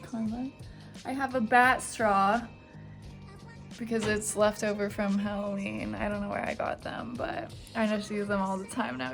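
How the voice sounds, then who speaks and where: A young woman in her twenties chats casually to her camera, rambling and filling gaps with "like" and "I don't know". Her voice sits at an ordinary middle pitch. Faint music plays behind her. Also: fairly even intonation, measured pace, creaky, a bit bright. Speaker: nursing student vlogger. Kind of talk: casual vlog chat.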